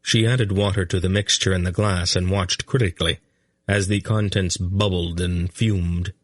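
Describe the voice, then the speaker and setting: A man narrating a fantasy audiobook in a slow, measured reading. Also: low-pitched, steady tone, dry recording, studio quality. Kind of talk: scripted narration.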